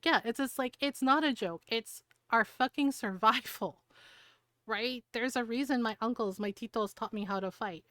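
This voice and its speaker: A woman's voice: mid-range voice, dry recording. Profane storytelling woman streamer, dry close mic. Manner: profane, animated, keeps asking "right?". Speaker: game streamer. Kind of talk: casual storytelling chat.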